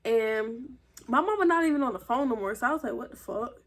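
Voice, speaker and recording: A young woman, telling a profane, animated story about a fight at work in a casual vlog. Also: brisk. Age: teens. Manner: animated, profane, acts out quotes in a higher voice. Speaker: vlogger.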